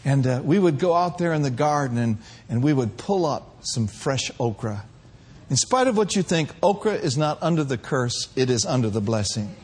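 A man from Minneapolis preaching a sermon, playful and animated, sometimes rising to shouts. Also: medium pitch, normal speed, slight background noise. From Minneapolis, USA.

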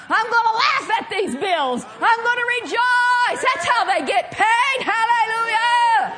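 A woman preacher with a very high voice delivers her sermon slowly and deliberately. She grows fervent as she goes, often shouting and laughing to drive each point home. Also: lively intonation.

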